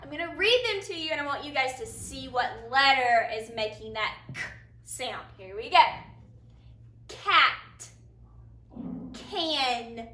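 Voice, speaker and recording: A woman teacher leading a phonics lesson for young children, in a sing-song, slow and encouraging way with big praise, in a classroom. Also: high-pitched, sharp tone, far from the mic. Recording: roomy sound from a little off the mic, faint room hiss.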